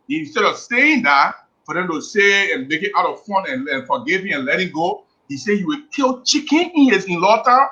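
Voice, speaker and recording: A man's voice: high voice, sing-song, a little fast, hardly any pauses, sharp tone. A man, a guest on a radio talk show, arguing in a heated, emphatic way and repeating himself. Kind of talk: call-in radio debate. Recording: dull lo-fi radio audio.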